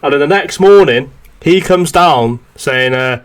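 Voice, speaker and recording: A man's voice: on the high side, animated, unhurried, smooth. Crude, joking man with banter. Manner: crude, joking banter punctuated by "right?" and "yeah?". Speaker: podcast host. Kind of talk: casual chat.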